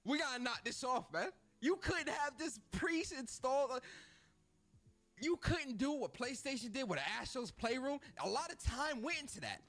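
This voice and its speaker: A man's voice: very high-pitched, very animated, moderate pace, fairly bright tone. A man ranting about a game console, repeating his points with emphatic, joking exaggeration. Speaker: video creator ranting about games. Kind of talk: animated rant commentary.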